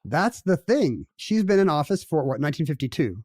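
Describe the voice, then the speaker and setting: A man with a slightly higher voice than most, co-hosting a casual chat podcast. He talks in a wry, jokey way and drifts off on tangents. The sound is dry and close, with no room echo. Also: very animated, brisk, a little mellow. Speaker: podcast co-host.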